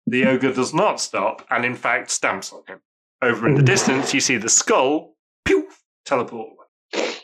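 A man's voice: medium pitch, moderate pace, breathy edge. A man narrating a tabletop game as game master, telling the action with laughs and the odd swear word. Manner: lively, laughing, profane storytelling.

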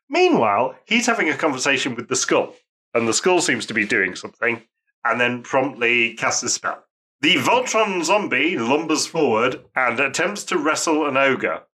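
Lively bright-voiced male game master. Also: medium pitch. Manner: lively, laughing, profane storytelling. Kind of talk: narrating a tabletop game.

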